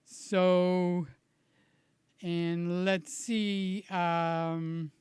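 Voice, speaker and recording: A man chatting slowly and casually with live viewers, a little hoarse, greeting people by name and rambling between stories. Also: high voice, level tone, darkish tone, no echo. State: slightly hoarse from shouting. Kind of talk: casual live-stream chat.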